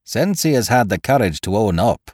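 A man voicing a gaunt, irritable gentleman who speaks curtly and snaps at others. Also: on the low side, very animated, normal speed, breathy edge, no room sound, clean studio sound, voice pushed up. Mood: stern. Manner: curt and fierce, then contrite.

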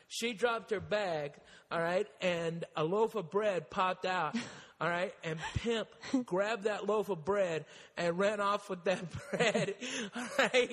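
A man's voice: sits high, long reverb tail. A man hosting a podcast, telling rambling, profane comic stories. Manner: profane, loud, rambling, keeps saying all right. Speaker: podcast host. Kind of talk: comic storytelling.

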